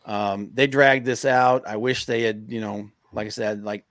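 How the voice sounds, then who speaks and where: A man co-hosting a casual wrestling podcast, rambling with lots of fillers and breaking into excited rants. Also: lowish voice, normal speed, no echo, studio quality. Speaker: podcast co-host.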